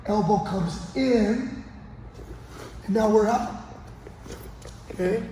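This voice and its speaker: A man with a high, warm voice speaks slowly over a faint hiss or hum. He's coaching grappling on the training gym mats, demonstrating a technique and frequently checking in with his partner. The echoey gym gives the recording a long reverb.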